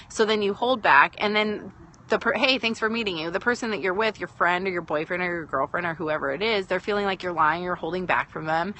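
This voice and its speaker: A woman's voice: medium pitch, bright, forceful tone, slight background noise. A woman hosting a casual live stream from home, talking through her thoughts with lots of fillers and greeting viewers as they join.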